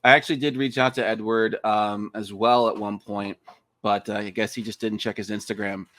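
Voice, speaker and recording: Animated man, dry close mic. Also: on the low side, moderate pace, no room sound. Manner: animated, swears, acts out quotes in funny voices. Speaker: podcast guest, fan film director. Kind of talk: casual interview chat.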